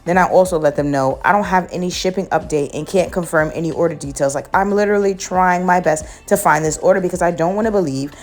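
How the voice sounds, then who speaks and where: A young woman from the Bronx, telling a casual, animated storytime for her vlog in a slangy, sassy way. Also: fairly low pitch, quick pace, few pauses. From the Bronx, New York. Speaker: nail and beauty vlogger.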